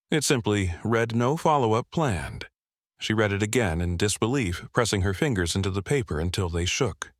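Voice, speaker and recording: A man with a very low voice tells a true-crime story as scripted narration. His delivery is steady and measured, and the recording is dry and close. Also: no room sound.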